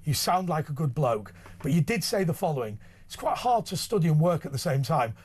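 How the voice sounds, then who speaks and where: A man's voice: a little high, very animated, brisk, a little mellow, husky. A man co-hosting a talk radio phone-in, assertive and cutting in to challenge callers. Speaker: radio co-host. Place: radio studio.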